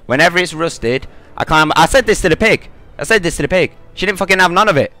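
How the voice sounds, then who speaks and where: A man's voice: on the high side, expressive, fast talker, bright, forceful tone, soft background music. A young British man in a gaming commentary rant, telling an angry, profane story.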